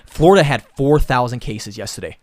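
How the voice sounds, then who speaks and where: A man's voice: medium pitch, animated, fairly quick, darkish tone. A man hosting a casual podcast chat, rambling earnestly and swearing freely. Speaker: podcast host.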